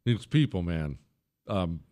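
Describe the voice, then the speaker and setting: A man's voice: sits low, expressive, slow, mellow, dry recording. A man hosting a talk radio show, delivering an opinionated monologue in an emphatic, sarcastic, often mocking way.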